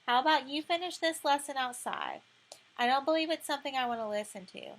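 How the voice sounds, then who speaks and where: A woman's voice: high-pitched, brisk, gravelly, voice pushed up. A woman reading as a tender foster mother. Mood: tender, worried. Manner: soft-spoken, fussing, gentle. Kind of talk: audiobook reading.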